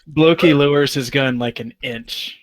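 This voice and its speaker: A man's voice: mid-range voice, normal speed. A man playing a tabletop game, describing his character with wry laughs. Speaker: player. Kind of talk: casual play.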